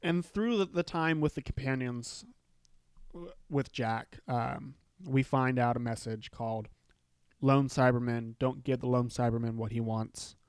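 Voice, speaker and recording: A man's voice: medium pitch, unhurried, clean tone, no room sound. A man hosting his own show, chatting casually and retelling scenes in a loose, filler-filled way. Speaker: podcast host. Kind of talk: casual solo show recap.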